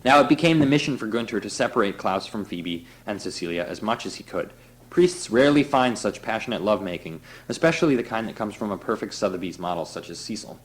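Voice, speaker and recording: A man's voice: fairly low pitch, expressive, fast talker, poor audio. Man reading a novel aloud, loose and laughing. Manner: loose, laughing, with offhand asides. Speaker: reader.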